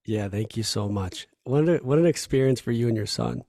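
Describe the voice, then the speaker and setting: A man's voice: mid-range voice, lively intonation, a little fast, warm tone, no room sound, studio quality. A man hosting a podcast, chatting in a laid-back, encouraging and affirming way. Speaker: podcast host. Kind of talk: casual conversation.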